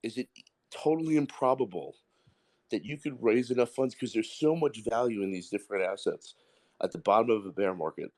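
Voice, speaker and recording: Calling from the Bronx, New York, this man asks a question on a live audio Q&A. His voice is fairly low, expressive and somewhat dark, coming a bit quickly as he speaks bluntly, emphatically and at great length.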